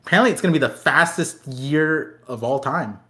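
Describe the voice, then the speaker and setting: This thirty-something podcast co-host has a somewhat high, sharp voice. Chatting casually, he rambles, laughs frequently, and tosses off quick jokes on the side.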